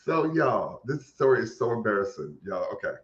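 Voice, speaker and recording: A man co-hosting a casual podcast, telling an embarrassing story in a sassy, animated way with swearing. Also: fairly low pitch, normal speed, reverberant, dull audio. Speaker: podcast co-host. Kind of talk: casual chat, comic storytelling.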